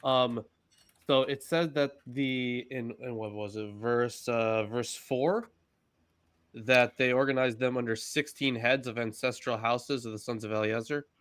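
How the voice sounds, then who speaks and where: A man's voice: medium pitch, fairly even intonation, measured pace, a bit bright, clean tone, no echo. A man on a podcast, talking in a hesitant, apologetic way in casual chat. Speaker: podcast panelist.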